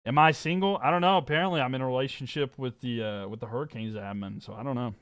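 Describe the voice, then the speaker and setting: A man's voice: mid-range voice, fast, a bit bright, no room sound, clean studio sound. A man from the American South with a Southern accent, casually chatting on a live stream and reading viewer comments in a rambling, laughing way. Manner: laid-back, rambling, fillers, laughs often. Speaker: sports streamer.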